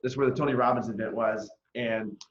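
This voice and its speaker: A man's voice: mid-range voice, fairly quick, roomy sound. Young guy telling wild stories on a podcast, swears a lot, kinda dull lo-fi audio. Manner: animated, profane, acts out quotes. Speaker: podcast guest. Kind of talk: casual storytelling in conversation.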